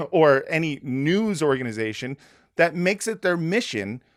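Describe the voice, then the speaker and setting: A man's voice: fairly high pitch, expressive, measured pace, vocal fry, dry recording, clean studio sound. Blunt, rambling man hosting a podcast. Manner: blunt, profane, rambling with fillers and restarts. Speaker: podcast host. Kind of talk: casual political podcast chat.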